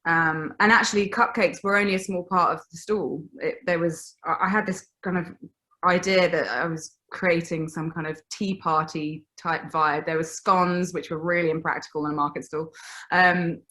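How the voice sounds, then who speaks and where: A woman's voice: fairly low pitch, fairly even intonation, moderate pace, sharp tone. A woman in her thirties from England, a baker chatting on a video call, laughing often and restarting her sentences. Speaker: baker, guest. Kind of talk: casual video-call chat.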